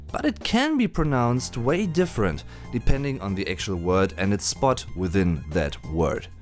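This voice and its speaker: A man giving a voice-over lesson on pronunciation, patiently spelling out and demonstrating sounds slowly. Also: mid-range voice. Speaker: German language teacher. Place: indoors at home during a thunderstorm. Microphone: voice-over, no camera.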